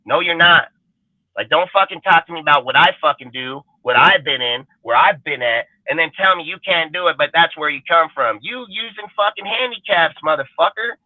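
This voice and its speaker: A man's voice: on the high side, lively intonation, fairly quick, hardly any pauses, no echo. A man hosting a fan show, ranting in a heated, profane, emphatic way. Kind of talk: livestream rant. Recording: dry phone-like audio.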